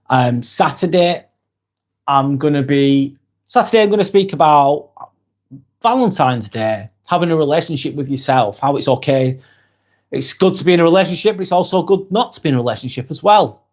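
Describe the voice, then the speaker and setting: A medium-pitched British man runs a live stream, reading comments aloud from viewers. He responds gently and with sympathy, letting out light laughs.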